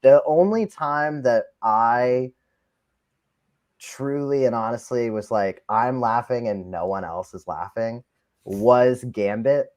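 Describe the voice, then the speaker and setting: A man co-hosting a casual film review podcast, excitable and quick to laugh. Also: mid-range voice, no room sound. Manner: excitable, breaks into laughter and impressions.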